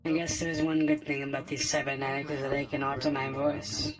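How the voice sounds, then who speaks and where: A woman's voice: a bass voice, flat delivery, brisk, faint music behind, rough recording. A woman chatting in character during a role-play game, teasing and chatty. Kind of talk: in-character casual chat.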